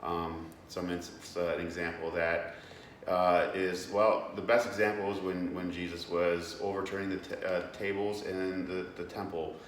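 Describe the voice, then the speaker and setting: A man's voice: low-pitched, little pitch movement, moderate pace, far from the mic. A young man giving a casual devotional talk as host, earnest and plain-spoken, with many fillers and restarts. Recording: echoey room, away from the mic, faint background noise.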